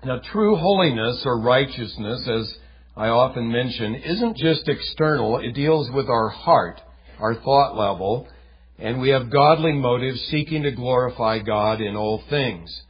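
A man's voice: medium pitch, unhurried, slightly rough. A man preaching a sermon as pastor, talking earnestly and conversationally. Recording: dull lo-fi recording.

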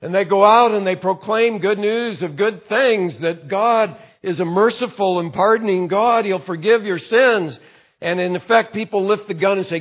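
A man's voice: high-pitched, normal speed, highs cut off. A man preaching a sermon, working through a Bible passage verse by verse and telling a vivid story to make his point. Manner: expository preaching with vivid illustrations. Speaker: pastor.

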